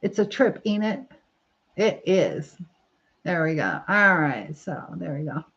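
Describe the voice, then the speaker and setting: A woman's voice: low voice, very animated, a little slow, a bit bright. Chatty middle-aged woman on a live stream. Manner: chatty, rambling, frequent laughs. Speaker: livestream host reading viewer comments. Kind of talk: casual live chat while styling her hair. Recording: slightly dull lo-fi sound.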